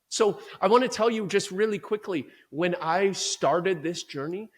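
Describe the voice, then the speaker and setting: A man speaking as a performance coach in an interview, talking in an emphatic, energetic, motivational way. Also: high voice, a little slow, hardly any pauses.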